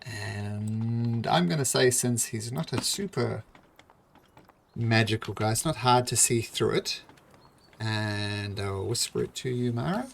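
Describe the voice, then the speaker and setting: A man's voice: medium pitch, slow pace, vocal fry, a little hiss or hum. Hesitant male game master. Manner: hesitant, many fillers and restarts. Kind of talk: narrating a tabletop game.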